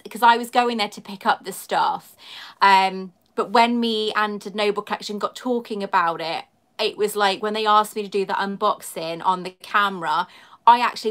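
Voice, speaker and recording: A woman's voice: mid-range voice, a bit bright. A woman chatting effusively with viewers on a live stream, greeting them by name as a YouTuber and collector.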